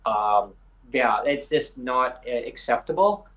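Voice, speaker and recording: Canadian guy hosting a live podcast, rambles with lots of ums, hits his points hard, mid-pitched voice. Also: expressive, takes it slowly, fairly bright tone, poor audio. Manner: rambling and emphatic, with frequent hesitations. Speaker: podcast host. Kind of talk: live podcast advocacy talk.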